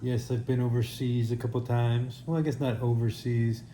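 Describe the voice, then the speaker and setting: A man's voice: mid-range voice, level tone, moderate pace, warm tone, slight background noise. A man leaving a casual, rambling message, correcting himself as he goes. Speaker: call-in segment guest. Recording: echoey room recording.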